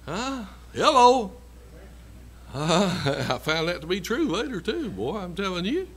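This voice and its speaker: A man's voice: high-pitched, big pitch swings, normal speed, fairly bright tone, husky. A man preaching a sermon in a church, folksy and emphatic, repeating his phrases. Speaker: pastor.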